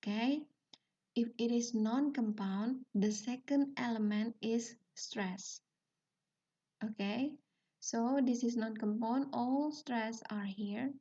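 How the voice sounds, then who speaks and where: A woman's voice: a little high, slow pace, mellow. A woman with an Indonesian accent lecturing on linguistics. She repeats key terms and checks in with frequent "yeah" and "okay.". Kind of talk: recorded lecture. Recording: distant, dull lo-fi sound.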